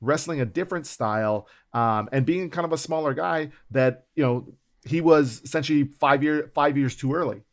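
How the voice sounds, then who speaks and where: A man's voice: fairly high pitch, moderate pace. A man co-hosting a casual podcast chat, thinking aloud with hedging asides. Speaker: podcast co-host.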